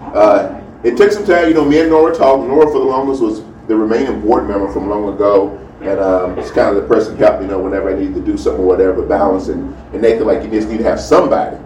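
A man's voice: lowish voice, quick pace, mellow, far from the mic. Casting: male pastor, easygoing chatty delivery, heard from off the mic in a roomy hall. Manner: chatty, lots of "you know" and "amen". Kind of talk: casual sermon with announcements. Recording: roomy, from off the mic, faint noise.

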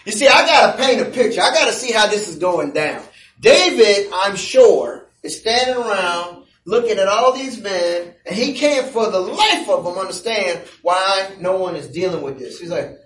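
Animated high-voiced male preacher, storytelling sermon, roomy and distant. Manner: animated storytelling with playful asides. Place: church. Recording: echoey room, voice from a distance.

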